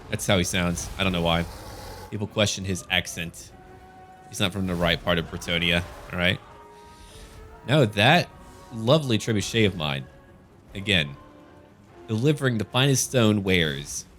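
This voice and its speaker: Low-voiced man making dry game commentary. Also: lively intonation, moderate pace, pauses often, fairly bright tone, faint music behind. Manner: dry, joking asides. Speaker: gaming channel host. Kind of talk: gameplay commentary.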